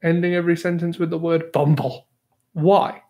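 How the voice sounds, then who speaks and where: A man's voice: a little high, little pitch movement, moderate pace, a little mellow. A man hosting a casual livestream, reading out chat questions with easy chuckles and self-deprecating remarks. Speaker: livestream host. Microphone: new desktop microphone.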